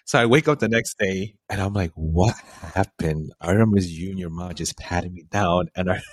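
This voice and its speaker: The deep-voiced man talks quickly with fairly even intonation, and the recording is dry. He's a young Puerto Rican-family podcast co-host, chatting casually at home face to face and telling a story with laughter.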